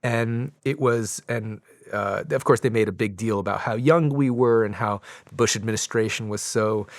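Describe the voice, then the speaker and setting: A man in his forties with a lowish voice tells a story as a podcast guest. He rambles casually and keeps restarting his sentences with ums and uhs. The recording is close and dry, with no room sound. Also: normal speed, dry recording. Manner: rambling, many fillers and restarts.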